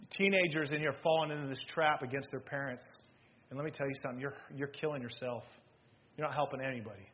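Pastor, male, high voice with a husky edge, animated sermon delivery from loud to hushed, dull lo-fi church recording. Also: brisk. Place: church sanctuary.

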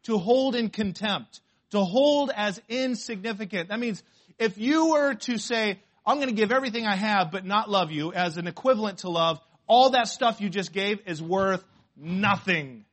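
A man with a notably high voice preaches to his congregation. He drives points home by repeating short phrases, throws questions at the room, and swings between loud emphatic bursts and hushed, confiding asides. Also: normal speed. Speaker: pastor. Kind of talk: sermon.

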